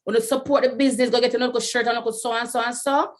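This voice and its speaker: A woman's voice: on the high side, level tone, rapid-fire. A woman with a Jamaican accent hosting a webinar over a video call, chatting casually with many "you know" fillers and slipping into patois. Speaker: webinar host. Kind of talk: casual chat closing a webinar.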